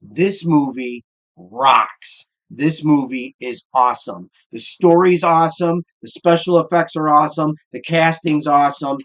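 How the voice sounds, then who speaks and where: A middle-aged man with a Midwestern American accent hosts his own cooking show, chatting casually between tasks. He rants like a gruff, profane curmudgeon. His voice sits a little high for a man. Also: measured pace, fairly bright tone.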